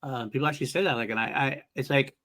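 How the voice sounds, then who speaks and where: A man co-hosting a podcast in a casual chat, animated and laughing often, with frequent restarts. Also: mid-range voice, fast. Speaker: podcast co-host.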